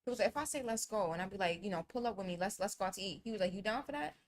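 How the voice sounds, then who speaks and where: A woman's voice: mid-range voice, very fast, slight background noise. A woman in her twenties, a podcast co-host, telling a story in slangy casual chat.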